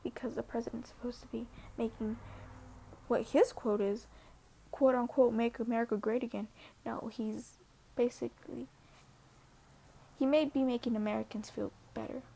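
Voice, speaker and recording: Soft, gravelly teenage girl vlogging. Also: on the high side, steady tone, normal speed, pauses often, slight background noise. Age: teens. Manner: earnest and hesitant, many fillers, often half-whispered. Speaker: social media poster. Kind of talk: casual vlog monologue.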